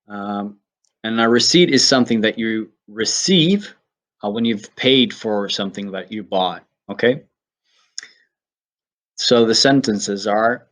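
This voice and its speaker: A man from Sweden teaching English pronunciation, saying each word slowly and carefully and then using it in example sentences. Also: on the low side, a bit bright. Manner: slow, careful word-by-word demonstration. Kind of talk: pronunciation lesson.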